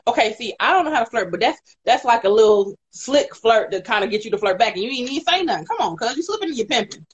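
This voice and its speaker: A woman's voice: on the high side, big pitch swings, fast, slightly rough. A woman in casual chat, teasing and probing with questions and frequent laughs.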